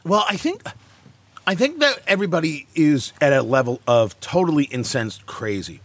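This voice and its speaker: He's a talk show host whose voice runs a little high, heard without any room sound. Sarcastic and lively, he riffs with his co-hosts in loose banter, ranting and slipping in fast side comments.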